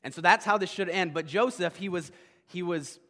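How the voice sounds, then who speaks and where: Guy preaching, kinda high voice, chatty and animated, long hall echo. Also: moderate pace. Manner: conversational, animated, many restarts. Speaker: pastor. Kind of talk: sermon.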